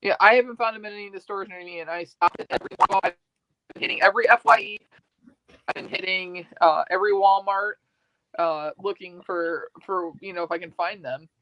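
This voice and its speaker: A woman on a video call in a casual chat, rambling and halting, full of restarts and fillers. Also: mid-range voice, fairly bright tone, low-quality recording.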